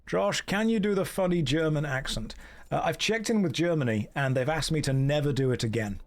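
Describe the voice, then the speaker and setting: Man, streamer, dry jokes, answers chat, fairly high voice. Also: brisk. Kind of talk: casual chat while gaming.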